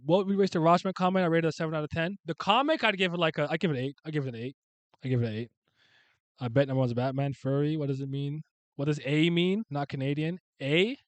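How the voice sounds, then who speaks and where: A young man casually rambling through a ranked list of characters, swearing freely and breaking into sudden loud shouts. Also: a little high, fast, no room sound. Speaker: streamer ranking favorite comic and anime characters. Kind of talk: casual unscripted commentary.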